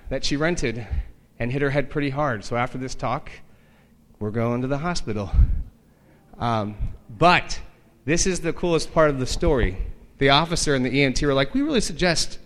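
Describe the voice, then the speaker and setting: A man emceeing a gathering, introducing the next speaker with a lively story and acting out the voices of the people in it. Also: mid-range voice, moderate pace, in a large hall. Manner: lively, acts out quoted voices.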